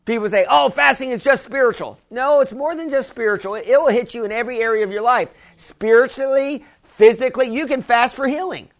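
A man's voice: extremely high pitch, fairly quick, hardly any pauses. A man preaching a sermon to his church, talking in a loose conversational way with many restarts and asides, building to emphatic calls. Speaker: pastor.

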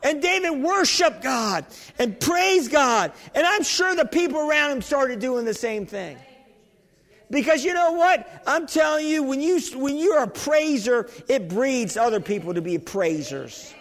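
High-voiced preacher in an echoing hall. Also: male voice, animated, a little slow, fairly bright tone. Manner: exhorting, repetitive, with many restarts. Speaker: pastor. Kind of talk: sermon. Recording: long hall reverb.

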